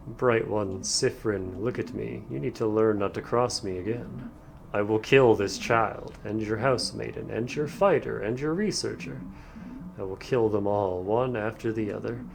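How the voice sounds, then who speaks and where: A man voicing a menacing male king villain in a game, speaking slowly and threateningly. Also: gravelly, noisy background. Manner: slow, low, threatening.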